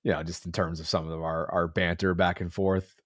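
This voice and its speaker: A man in his thirties co-hosts a casual podcast chat with a low, congested voice. He rambles in an earnest, reflective way. The recording is dry and close, with no room sound. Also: flat delivery, fairly quick, no room sound. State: congested, under the weather. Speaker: podcast co-host.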